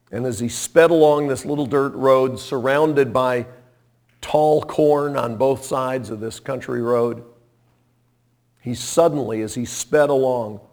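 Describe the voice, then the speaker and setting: Slow-speaking male preacher. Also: medium pitch. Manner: storytelling preacher, swings from hushed to loud and emphatic. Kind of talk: sermon.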